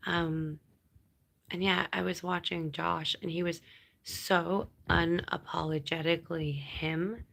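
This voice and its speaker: A woman's voice: fairly low pitch, fairly even intonation, takes it slowly, creaky, a bit bright. A woman from Canada hosting a late-night livestream, chatting casually and reading viewer comments aloud in a rambling way. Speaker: livestream host.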